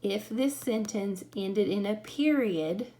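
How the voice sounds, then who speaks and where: A woman teaching a grammar lesson, explaining punctuation slowly and patiently. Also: medium pitch, dark tone.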